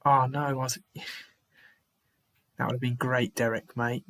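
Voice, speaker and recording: A man hosts a live football watchalong and chats with viewers by name. He sighs often and restarts his phrases. His voice stays flat and even, and it sounds dry and close. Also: mid-range voice, slow, dry recording. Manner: chatty, greets viewers in the chat by name. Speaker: livestream host. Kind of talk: live match watchalong commentary.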